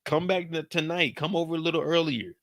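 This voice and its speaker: A young man with a bright, forceful voice, riffing casually and profanely as he recaps a show and slips into the characters' lines. The sound is close and dry, with no room around it. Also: fairly high pitch, a little fast, no room sound. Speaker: show commentator. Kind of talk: animated casual recap commentary.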